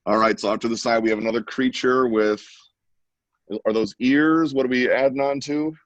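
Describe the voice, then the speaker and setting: A man's voice: mid-range voice, fairly even intonation, moderate pace, no echo, lo-fi sound. A man hosting an online art class over a video call, giving playful, joking running commentary. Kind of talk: casual live-stream teaching.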